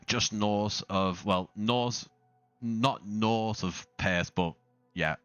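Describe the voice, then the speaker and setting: Casual flight-sim streamer, a man with a low, bright voice on a dry close mic, who talks in loose, self-correcting bursts. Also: drawn-out words, no room sound, dull audio, soft background music. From not Australian. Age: adult father. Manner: rambling, self-correcting, with frequent restarts and fillers. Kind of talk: casual live-stream commentary.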